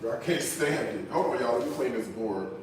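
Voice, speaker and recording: A man's voice: mid-range voice, animated, moderate pace, roomy sound, noisy background. A man hosting a cooking live stream in his home kitchen, chatty, with teasing asides to viewers. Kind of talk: casual live-stream chat.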